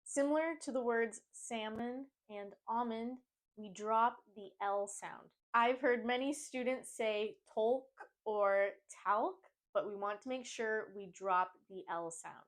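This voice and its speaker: A young woman leads a pronunciation lesson in a clear, deliberate way. Her voice sits a little high, and she takes her time, drawing out each word and saying it again slowly so learners can follow. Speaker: English pronunciation teacher. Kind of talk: slow, carefully enunciated pronunciation lesson.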